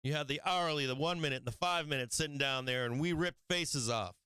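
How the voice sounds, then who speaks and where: A man hosting a live stock market stream, walking through charts in a brash, excitable way with casual swearing. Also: on the high side, brisk, clean tone, no echo. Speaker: stock market show host.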